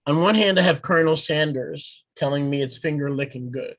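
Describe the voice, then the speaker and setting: Man, playful teasing leader, joking banter, slightly high voice. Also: fairly quick, fairly bright tone, no echo. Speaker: congregation leader.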